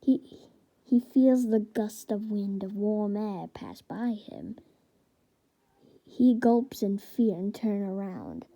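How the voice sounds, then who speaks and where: A woman's voice: a little high, warm tone, poor audio. A woman improvising a fan story as narrator, hesitant with many fillers and restarts.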